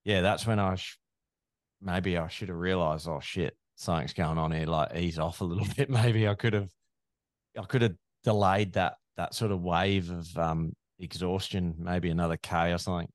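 A man's voice: deep voice, steady tone, normal speed, no room sound. A man, chatting casually and wryly on a podcast. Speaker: podcast co-host, marathon runner. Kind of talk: casual chat. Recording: dry close-mic sound.

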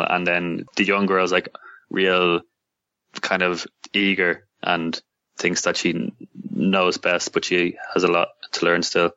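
A man co-hosting a casual podcast in a relaxed way, often trailing off mid-sentence. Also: sits low, takes it slowly, creaky, smooth, no room sound. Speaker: podcast co-host. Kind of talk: casual chat reviewing TV episodes. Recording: dull, muffled, dry mic.

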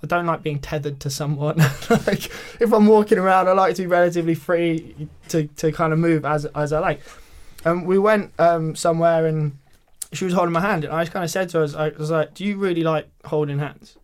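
A young man from Britain chatting on a podcast, rambling through a story with lots of filler words. His voice sits a touch higher than most men's. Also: fairly even intonation, a little fast. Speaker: podcast guest. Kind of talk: casual chat.

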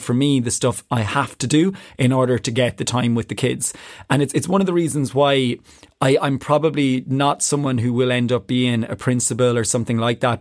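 A man's voice: medium pitch, no echo, clean studio sound. A man, a teacher and podcaster, talking enthusiastically about teaching and laughing easily. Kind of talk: conversational interview answers.

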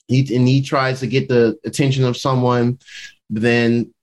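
A man's voice: mid-range voice, brisk. A man casually recapping a TV episode for a podcast, acting out the characters' lines with slang. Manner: animated retelling, acting out quotes in a raised voice. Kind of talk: casual chat.

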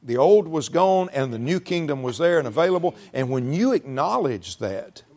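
A man preaching a sermon in conversational call-and-response style, slowing down to stress key phrases and teasing the congregation with humorous asides. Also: a little high, very animated, a little mellow.

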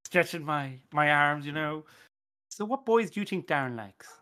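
Bright-voiced rambling Irish man. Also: a little high, expressive, normal speed, clear, resonant tone. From Ireland. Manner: rambling, laughs often, self-deprecating, swears. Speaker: podcast host. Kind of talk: casual podcast chat.

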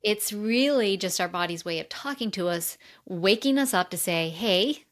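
Woman, mindset coach, interview guest, earnest, explanatory, mid pitch. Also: animated, moderate pace. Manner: earnest and explanatory, with fillers like "right?". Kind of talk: casual conversational interview.

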